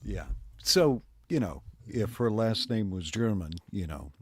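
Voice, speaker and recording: A man's voice: on the low side, expressive, unhurried, husky, dry recording. A man co-hosting a casual podcast, making dry, wry remarks and reading out comments from the chat. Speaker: podcast co-host.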